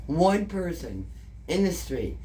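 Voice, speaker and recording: Telling an emotional story in a casual interview, a woman with a Canadian accent swears often and says things more than once. Her voice is on the low side and warm, very animated yet slow, with slight background noise.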